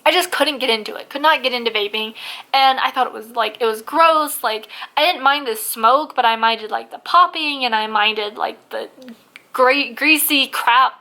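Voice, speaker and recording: A woman's voice: a little high, normal speed, sharp tone. A woman ranting in a casual vlog, blunt and full of swearing, who says she is losing her voice. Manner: blunt, swears a lot, heavy use of "like". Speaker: vlogger.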